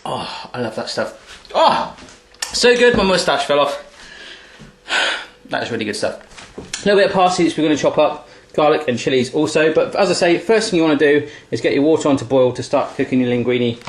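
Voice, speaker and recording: A man's voice: on the high side, expressive, a little fast, echoey room. A man hosting a cooking show, chatty, jokey and playful as he cooks in a home kitchen into a camera on a tripod. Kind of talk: casual cooking demonstration.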